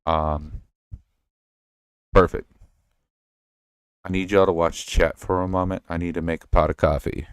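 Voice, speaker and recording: A man hosting a livestream, casually reacting to clips with a slow, lecturing manner. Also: sits low, little pitch movement, clear, resonant tone, dry recording. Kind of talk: casual reaction stream chat.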